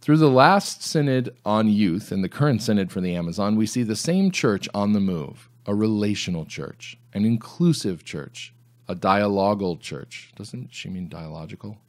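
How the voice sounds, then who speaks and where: A man's voice: lowish voice, expressive, normal speed. A man hosting a solo commentary podcast, reading items aloud and answering them with sarcastic, mocking asides. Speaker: podcast host.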